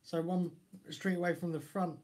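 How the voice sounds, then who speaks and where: A man's voice: high voice, flat delivery, normal speed, a little mellow. A man chatting casually on a live stream, teasing and bantering with his kid. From Essex, England.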